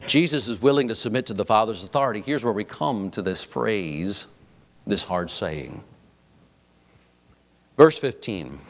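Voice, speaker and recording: Emphatic preacher, echoing hall. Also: male voice, on the low side. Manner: emphatic, repeats phrases for stress. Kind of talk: sermon. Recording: long hall reverb.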